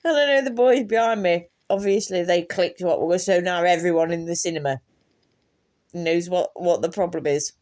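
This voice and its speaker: A woman's voice: on the low side, moderate pace, a little mellow. A young woman tells a casual storytime anecdote, laughing often and swearing freely. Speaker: vlogger.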